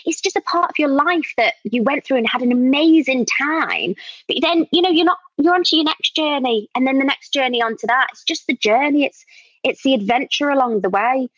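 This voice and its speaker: A northern English woman in her thirties talks freely as an interview guest, with a Scouse tinge in her accent. Her voice sits a little high, and she laughs often. The recording is dry and a bit dull. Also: expressive, fairly quick, fairly bright tone, no room sound. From northern England. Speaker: actor and podcast guest. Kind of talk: casual interview chat.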